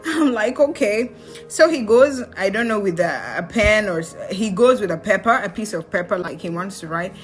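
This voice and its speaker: A woman's voice: mid-range voice, normal speed, faint music behind. Kenyan woman telling a story casually. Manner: animated, mixes in Swahili slang, laughs often. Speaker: vlogger.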